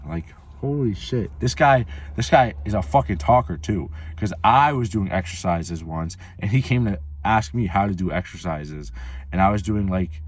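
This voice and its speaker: Deep-voiced guy vlogging, rambly and swearing a lot, says like constantly. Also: slightly rough. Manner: rambling, profane, lots of "like" fillers. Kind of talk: casual storytelling vlog.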